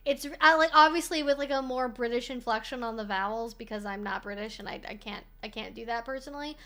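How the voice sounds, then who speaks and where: A woman's voice: a little high, fairly quick, hardly any pauses, bright, forceful tone. A woman hosting a casual livestream, rambling along with lots of "like" and frequent swearing. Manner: rambling, swears freely, heavy use of "like". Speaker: streamer host.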